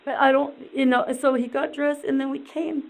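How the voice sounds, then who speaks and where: A distraught, dazed woman answering questions in a police interview, halting and rambling and repeating herself. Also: sits high, little pitch movement, a little mellow, low-quality recording.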